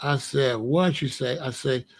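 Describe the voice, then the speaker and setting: A man's voice: medium pitch, a little slow, gravelly, slightly rough. A man hosting a casual commentary show in an African American accent, rambling and retelling conversations with many repeats and restarts. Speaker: host.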